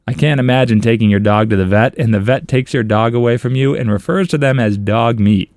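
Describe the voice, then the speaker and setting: A man's voice: fairly quick, no room sound. A man narrating online comments aloud for a story channel, in a playful, amused reading. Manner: playful, amused reading with lively pitch swings.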